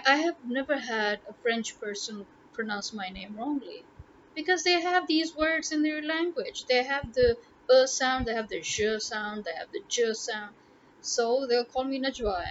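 A woman's voice: fairly high pitch, a little slow, fairly bright tone, lo-fi sound, a little hiss or hum. A woman language tutor talking casually to camera in an emphatic way, repeating words to drive her points home.

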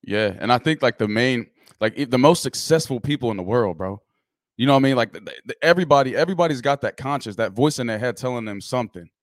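A man's voice: mid-range voice, lively intonation, dry recording, clean studio sound. A man hosting a podcast, asking questions in a casual, slangy way full of fillers. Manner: casual, fast, slangy fillers like "you know what I'm saying". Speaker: podcast host.

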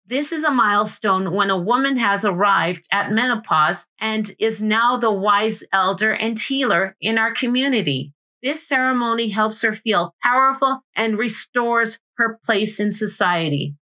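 A woman hosting a podcast, reading a calm, explanatory script. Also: on the high side, rough recording. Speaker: podcast host.

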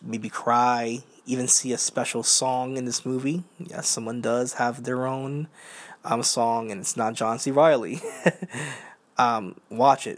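A man hosting a podcast, giving a rambling, casual spoken movie review full of fillers. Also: mid-range voice. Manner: rambling, with many fillers and repeated "as well, too". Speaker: podcast host reviewing films.

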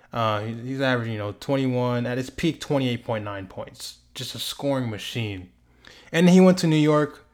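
Young man, sports show host, heated rant, drawn-out emphatic words, medium pitch. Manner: passionate, ranting, stretches words for emphasis. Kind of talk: emphatic sports commentary vlog.

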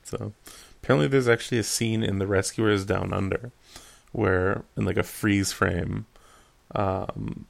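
A man's voice: lowish voice, steady tone, a little slow, gravelly. A young man co-hosting a podcast, rambling and making crude jokes with lots of fillers. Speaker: podcast co-host. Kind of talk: casual podcast chat.

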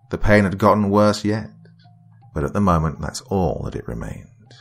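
A man narrating a dark story in a measured, brooding way. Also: sits low, lively intonation, gravelly, husky, faint music behind.

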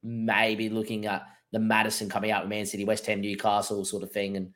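A man's voice: on the low side, completely flat delivery, fairly quick, fairly bright tone. A man co-hosting a fantasy football show, working through his options aloud in casual chat. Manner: thinks aloud through options, with frequent fillers. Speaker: podcast co-host.

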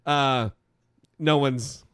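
A man's voice: mid-range voice, extremely slow, smooth. A man hosting a podcast, talking in a casual, opinionated, rambling way with many restarts. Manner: rambling, animated, restarts often. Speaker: podcast host.

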